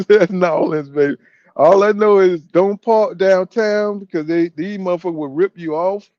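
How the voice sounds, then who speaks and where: A man from Florida co-hosting a casual boxing podcast chat, telling animated stories, mimicking people and swearing freely. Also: high voice, unhurried, no room sound, muffled recording.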